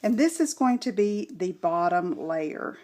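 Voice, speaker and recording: Slow, gentle woman talking through a craft project. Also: on the low side, animated. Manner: gentle, unhurried, explains each step while working. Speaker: craft tutorial host. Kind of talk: step-by-step crafting tutorial.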